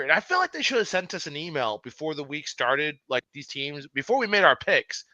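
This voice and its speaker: A man co-hosting a casual sports podcast, excitable and swearing freely, with quick asides. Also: a little high, dry recording, highs cut off. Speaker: podcast co-host.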